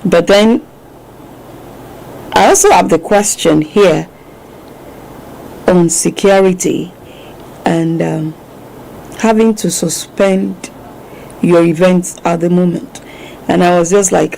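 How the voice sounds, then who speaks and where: A Nigerian woman hosting a casual radio talk show, chatty and quick to laugh. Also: on the low side, gravelly, mellow, a little hiss or hum, poor audio. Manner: chatty, laughs often, mixes in Yoruba phrases. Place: radio studio.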